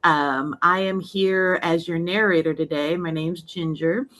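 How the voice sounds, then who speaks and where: A woman's voice: on the low side, measured pace, a bit bright. A woman hosting an online script reading and narrating its stage directions, upbeat and laughing often.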